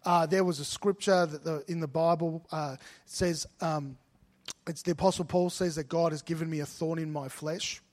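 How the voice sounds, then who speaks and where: A middle-aged man preaching in a slightly high voice. He tells stories from the pulpit and climbs to loud, emphatic peaks. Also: fairly even intonation, moderate pace. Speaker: pastor. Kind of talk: sermon.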